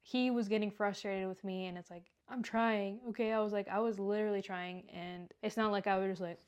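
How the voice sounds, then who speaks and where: A woman's voice: medium pitch, fairly even intonation, fairly quick, a little mellow, smooth, highs cut off. Young woman, casual storytime vlogger, rambly, lots of "like". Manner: rambling, heavy use of "like".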